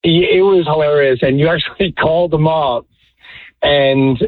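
A man calling in to a radio show, talking in a halting way with many fillers. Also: fairly high pitch, fairly even intonation, dry recording. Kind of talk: phone-in chat. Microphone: telephone. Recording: tinny phone line.

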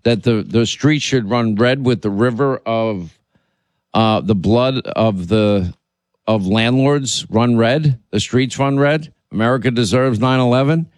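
A man's voice: mid-range voice, unhurried, no echo. Indignant male talk-show host. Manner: emphatic, indignant, repeats himself. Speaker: radio and podcast host.

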